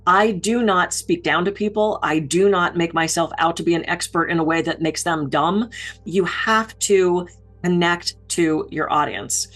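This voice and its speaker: A woman keynote speaker giving public speaking advice in an expressive, down-to-earth, conversational way. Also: lowish voice.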